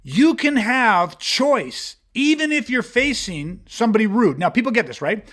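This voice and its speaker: A man's voice: very high voice, sing-song, moderate pace, fairly bright tone. A man talking bluntly and emphatically in a podcast conversation, swearing freely as he walks through street-confrontation scenarios. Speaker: martial arts instructor.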